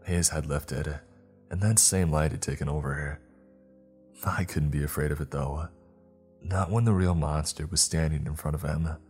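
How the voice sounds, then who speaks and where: A man narrating a horror story in a slow, grim, measured reading. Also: rumbling low, steady tone, a little mellow, faint music behind.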